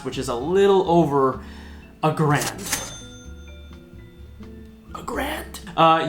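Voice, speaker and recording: A man's voice: fairly high pitch, a bit bright. Upbeat man hosting a vlog, roomy sound. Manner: upbeat, chatty, self-mocking asides. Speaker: host. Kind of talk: casual vlog. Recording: roomy echo.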